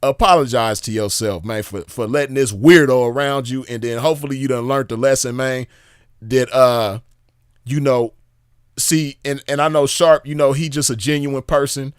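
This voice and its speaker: Fired-up commentator, mid-pitched man, repetitive and profane, dry close sound. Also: steady tone, moderate pace, clear, resonant tone, no room sound. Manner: emphatic, repetitive, profane, rhetorical questions. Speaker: commentator reviewing drama. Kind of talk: casual commentary vlog.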